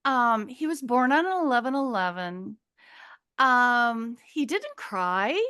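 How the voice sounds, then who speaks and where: A middle-aged woman from Minnesota talks as a podcast guest, her voice sitting high. She tells her story in a loose, rambling way, hunting for words and acting out what people said. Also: slow, smooth. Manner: rambling, animated, searches for words, acts out quotes. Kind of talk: casual storytelling.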